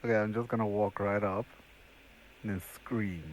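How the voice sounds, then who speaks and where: A man's voice: fairly low pitch, steady tone, moderate pace, highs cut off, slight background noise. A man playing a tabletop game, chatting casually and joking around. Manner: playful, joking. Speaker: player.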